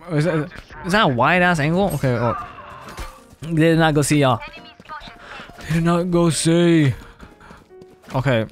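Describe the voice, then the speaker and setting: A man streaming a shooter game, chatting casually and excitably, swearing and joking about his own play, close on his mic. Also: mid-range voice. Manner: casual, profane, excitable, self-deprecating. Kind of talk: live gameplay commentary. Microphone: close desk mic with popping plosives.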